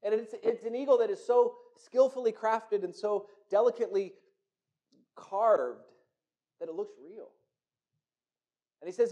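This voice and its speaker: A man telling a folk tale aloud, animated and often repeating words as he goes. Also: high voice, moderate pace. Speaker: storyteller. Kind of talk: oral storytelling.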